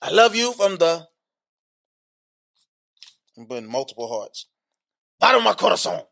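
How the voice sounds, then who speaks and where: A man hosting a podcast in casual chat, slangy and hyped, repeating catchphrases, then slowing into earnest teaching. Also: high-pitched, sing-song, vocal fry, a bit bright. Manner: switches to slower earnest teaching. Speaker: podcast host.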